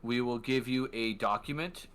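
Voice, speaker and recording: Guy playing a snooty bank manager, bright voice, all formal and clipped. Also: medium pitch, moderate pace, clear, resonant tone, natural voice. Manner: formal, curt, bureaucratic. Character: stiff, dismissive male bank manager.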